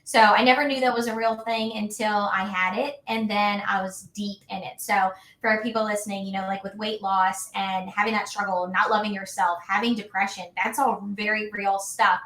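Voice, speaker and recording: A woman's voice: medium pitch, fairly even intonation, moderate pace, hardly any pauses, fairly bright tone. A woman in her thirties, a wellness coach, talking in a chatty, upbeat way full of fillers as a podcast guest. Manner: chatty, upbeat, many fillers like "like" and "you know". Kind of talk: casual podcast conversation. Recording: roomy echo.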